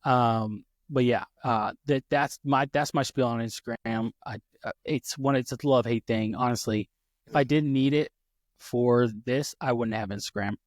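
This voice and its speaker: A man's voice: medium pitch, no echo, clean studio sound. A man hosting a casual podcast, rambling and self-deprecating with lots of restarts and fillers. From United States. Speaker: podcast host.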